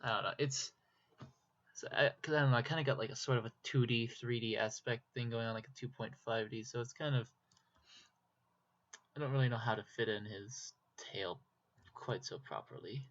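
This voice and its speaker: A young man with a Minnesotan accent talks his way through a drawing in a loose, rambling, self-deprecating way. His voice sits at a middling pitch. The recording is dull and lo-fi, with mouse clicks in the background. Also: moderate pace, fairly bright tone. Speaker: YouTuber. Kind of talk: casual drawing commentary. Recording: dull lo-fi mic.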